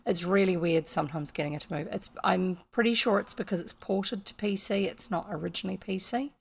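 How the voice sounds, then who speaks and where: A woman's voice: mid-range voice, fairly quick, vocal fry, slightly rough. A woman with a New Zealand accent, chatting casually as she plays a video game and explains each step to her viewers. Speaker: gaming vlogger.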